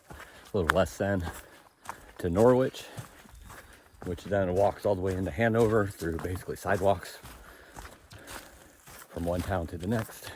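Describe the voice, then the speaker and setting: A man's voice: deep voice, noisy background. A man vlogging while he hikes a long trail, chatty and upbeat, laughing at his own mishaps as he walks. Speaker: thru-hiker vlogger. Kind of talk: casual hiking vlog narration. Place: outdoors on a trail and town streets.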